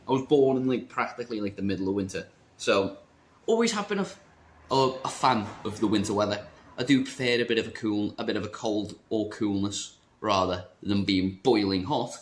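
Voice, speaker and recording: A man's voice: medium pitch, slight background noise. A young man running through a vape shop's stock in a casual, upbeat, playful vlog. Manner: chatty and upbeat, playful word choices. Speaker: vape shop staff presenter. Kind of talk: casual product rundown vlog. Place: indoor vape shop. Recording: roomy shop echo.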